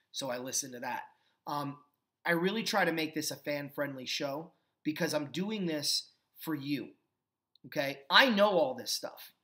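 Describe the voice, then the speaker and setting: A man hosting his own football talk show, giving opinionated commentary with emphatic rhetorical questions. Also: on the high side. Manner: calmer and earnest when thanking fans. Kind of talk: opinionated sports commentary monologue.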